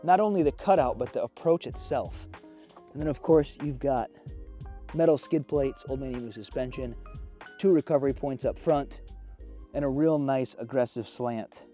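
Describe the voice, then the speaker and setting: A man in his thirties with a mid-range voice at normal speed gives an enthusiastic, casual walkaround review of a new truck outdoors, with faint music behind. An excitable off-road vehicle reviewer, he sounds a bit out of breath.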